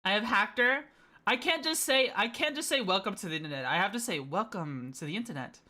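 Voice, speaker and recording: Woman streamer, bright voice, chatty and playful, laughs often. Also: fairly high pitch, lively intonation, quick pace. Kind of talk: casual gaming stream chat.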